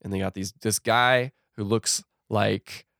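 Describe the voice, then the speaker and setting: A man's voice: lowish voice, unhurried, vocal fry, dry recording, clean studio sound. A man co-hosting a podcast, retelling a film plot in casual chat and acting out the characters' lines. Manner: animated retelling with acted-out quotes. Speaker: podcast co-host.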